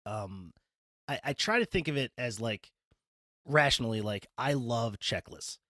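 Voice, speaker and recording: A man's voice: medium pitch, animated, a little slow, pushed and bright, dry recording. Playful male podcast host, dry close sound. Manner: enthusiastic, playful, laughs easily. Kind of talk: casual interview chat.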